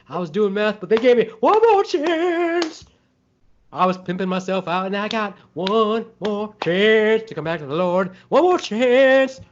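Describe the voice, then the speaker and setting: A man doing a mocking impression of a gospel lead singer who chants the same line again and again, high and drawn out. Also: fairly bright tone, slight background noise. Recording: dull lo-fi sound.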